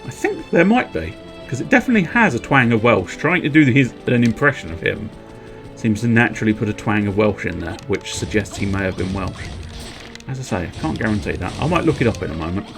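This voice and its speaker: Guy muttering over a game stream, lively up-and-down voice, faint music behind. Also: lowish voice, brisk, creaky. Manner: rambling, quiet, self-amused asides. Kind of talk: casual game commentary.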